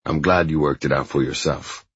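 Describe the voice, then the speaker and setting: A man reading an audiobook, voicing a patient male therapist who speaks in a measured, reassuring way. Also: rumbling low, fairly even intonation, fairly bright tone, slightly rough, no echo, dull audio, exaggerated voice. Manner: measured, reassuring, slightly exasperated.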